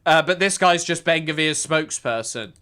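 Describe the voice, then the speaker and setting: A man's voice: on the high side, expressive, normal speed, sharp tone. A man giving casual, sarcastic reaction commentary on a news clip, with profane, rambling asides.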